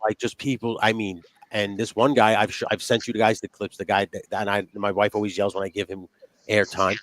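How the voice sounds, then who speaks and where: A man's voice: on the low side, level tone, a little fast, a bit bright, no room sound. A man co-hosting a wrestling podcast, ranting in a heated and profane way. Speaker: podcast co-host. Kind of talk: casual wrestling chat.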